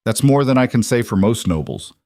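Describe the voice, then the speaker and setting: A man's voice: mid-range voice, big pitch swings, a little fast, dark tone, no echo, clean studio sound. A man voicing a huge, scarred male wolf alpha with a Southern US accent, blunt and menacing.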